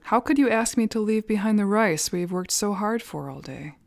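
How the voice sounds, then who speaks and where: A woman's voice: medium pitch, lively intonation, fairly quick, gravelly, no echo, pitched above the performer's own voice. A woman voicing a tired young male novice monk who pleads breathlessly with his teacher in a spoken story. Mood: pleading. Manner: breathless, plaintive asking.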